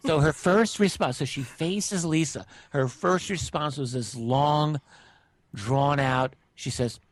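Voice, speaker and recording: A middle-aged man on a radio interview, telling a witness's strange story in a relaxed way with many fillers. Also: a little high, slow, no echo. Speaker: guest researcher.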